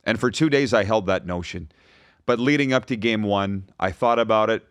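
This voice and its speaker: A man hosting a sports talk podcast in a studio, with an emphatic, energetic broadcaster delivery. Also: on the low side, moderate pace, clear, resonant tone, no echo. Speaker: podcast host. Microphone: studio microphone.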